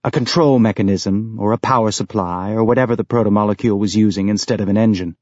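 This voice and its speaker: Low-voiced man narrating an audiobook. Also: fast talker, hardly any pauses, a little mellow, no echo. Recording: dry, dull lo-fi recording.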